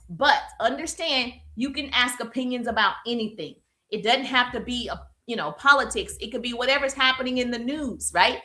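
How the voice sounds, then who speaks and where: High, bright-voiced energetic woman coach. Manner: energetic, emphatic, animated with repeated "okay?" and "right?". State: warm and perspiring from exercise. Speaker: business coach. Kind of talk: live-streamed coaching talk. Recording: echoey room.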